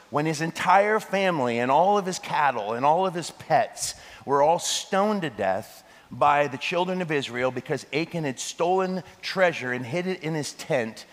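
A man preaching a sermon as pastor, animated, with joking asides and laughter. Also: a little high. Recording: long hall reverb.

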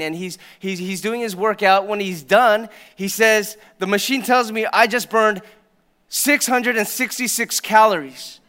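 A male pastor delivers a sermon in a church sanctuary, his voice pitched high for a man and bright in tone. He tells his story in a conversational way, dropping to hushed asides and then rising to loud, emphatic declarations.

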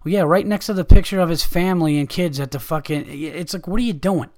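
A middle-aged man hosting a podcast, delivering a profane, angry rant with loud outbursts. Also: a little high, fast. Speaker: podcast host, comedian.

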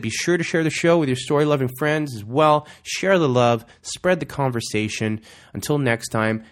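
A man hosting a podcast, giving a loose, chummy outro full of plugs and asides, often calling listeners "man". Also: mid-range voice. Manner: loose, rambling, self-correcting. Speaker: podcast host.

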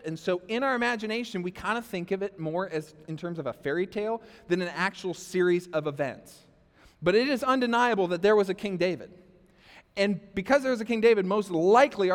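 A man preaching a sermon as pastor, animated and conversational, talking straight to the congregation. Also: high-pitched, big-room sound. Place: church hall.

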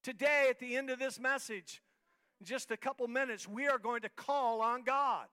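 A man preaching a sermon as pastor, his voice sitting very high with a piercing, bright edge. He builds rhythmic, repeated lines and swings from quiet talk to full shouts. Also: steady tone, normal speed, clear, resonant tone. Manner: repetitive, rhythmic emphatic phrasing. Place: church hall, live-streamed service.

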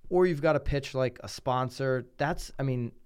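A man with a Connecticut accent hosts a relaxed podcast chat. He talks at an ordinary pitch and keeps slipping into quick impressions of other people. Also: smooth. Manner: animated, mimics people in quick asides. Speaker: podcast host.

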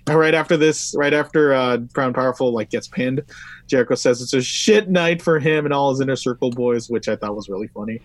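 A man's voice: mid-range voice, brisk, dry recording. Rambling man recapping a show. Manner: loose and rambling, reads from notes, swears casually. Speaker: podcast host. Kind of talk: casual wrestling recap chat.

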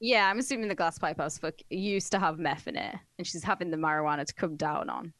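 A woman's voice: sits low, fast, a bit bright, no room sound. A woman co-hosting a podcast in casual comedic chat, blunt and crude, laughing often. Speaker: podcast co-host.

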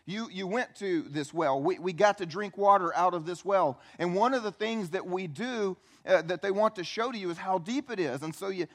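A high-pitched man delivers a sermon as a pastor. He narrates the story in a lively, conversational manner, acting out the quotes and asking the audience questions.

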